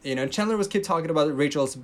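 A man's voice: on the high side, rapid-fire. Playful laughing male podcast host. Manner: upbeat, laughs often, playful. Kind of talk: casual podcast chat.

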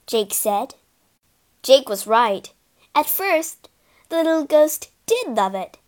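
Brief: woman storyteller for kids, slow and lively, high pitched. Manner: expressive, animated narration. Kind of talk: children's storybook reading.

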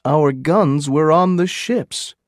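A man's voice: a little high, slow, dry recording. An anxious colonial leader from a storybook, put on by a man narrator. He sounds worried and pleading, with a slightly raised voice. The sound is close and dry.

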